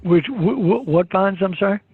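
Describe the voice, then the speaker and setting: A man's voice: high-pitched, normal speed, slightly rough, no room sound. A man giving rambling, opinionated market commentary, full of fillers and restarts. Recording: tinny phone-like line.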